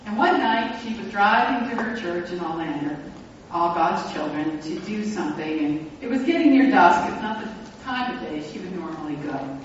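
A pastor telling a story in a sermon, speaking reflectively and slowing down for emphasis. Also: mid-range voice, slight background noise. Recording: echoey hall, distant mic, dull sound.

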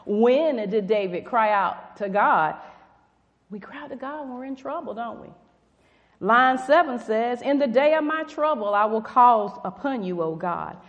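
A woman's voice: a little high, highs cut off. A woman preaching a sermon, reading scripture aloud with emphatic stress on key words. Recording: echoey hall with long reverb.

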